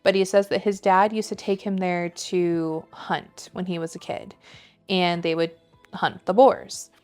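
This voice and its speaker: A woman's voice: lowish voice, level tone, measured pace, a little mellow, soft background music. A woman co-hosting a podcast, retelling a story in a chatty way, full of "like" fillers and casual swearing. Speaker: podcast co-host.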